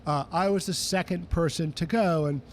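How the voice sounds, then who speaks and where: Male guest, music historian, high voice, animated anecdote-teller. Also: normal speed, a little hiss or hum. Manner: animated, acts out quoted voices. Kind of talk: casual interview storytelling.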